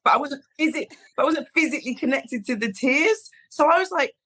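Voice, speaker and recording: A woman's voice: sits high, a little fast. A woman, a podcast guest telling a personal story in casual chat, acting out the dialogue. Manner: animated storyteller, acts out quoted dialogue, many "like"s. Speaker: podcast guest, hairstylist founder.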